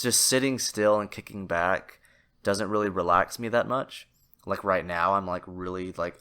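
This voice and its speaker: A man's voice: low voice, pushed and bright, clean tone. A man hosting a solo podcast, rambling and self-deprecating with lots of fillers and restarts, in a somewhat nasal voice. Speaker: podcast host. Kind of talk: casual solo podcast monologue.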